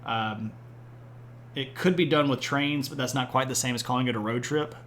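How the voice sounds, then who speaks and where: A man's voice: mid-range voice, normal speed, a bit bright, slight background noise. A man from the Southern United States giving a casual, rambling live-streamed history lecture, breaking off to chat with his audience. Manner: rambling, chatty, responds to chat with asides.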